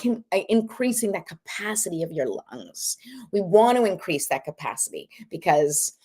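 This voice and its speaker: A woman's voice: on the low side, lively intonation, normal speed, warm tone, breathy edge. A woman hosting a casual livestream, chatting with viewers and leading a guided breathing ritual in an encouraging way. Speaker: host.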